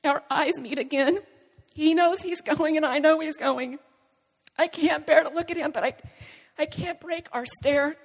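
High-pitched woman sharing her testimony, halting and earnest, big hall echo behind her. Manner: halting, earnest retelling with dramatic pauses. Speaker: speaker sharing a personal testimony. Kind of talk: emotional spoken testimony.

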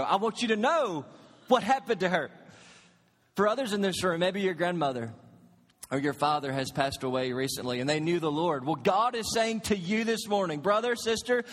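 A man, around his thirties, preaching a sermon as pastor in a church, telling stories and moving between hushed moments and loud, emphatic ones. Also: high voice, long reverb tail. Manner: storytelling preacher, swings from quiet to loud. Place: church sanctuary.

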